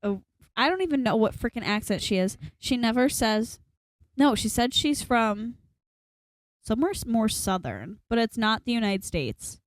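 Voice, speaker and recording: A young woman with a slightly high voice rambles through a story in casual podcast chat. She giggles along the way, and the sound is close and dry. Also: lively intonation, normal speed, dry recording. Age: young adult. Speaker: podcast co-host.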